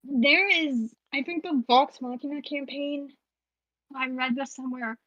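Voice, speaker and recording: A woman co-host talks casually in a live online chat, lively and joking. Her voice sits a little high and sounds dry and close. The audio is dull and lo-fi. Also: no room sound. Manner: animated, joking, quick asides.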